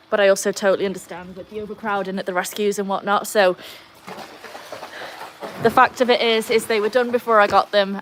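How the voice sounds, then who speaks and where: A woman from Wales hosts a casual live stream beside her backyard pool, reading viewer comments aloud and talking to her dogs. Her mid-range voice is a bit bright, with a faint hiss or hum.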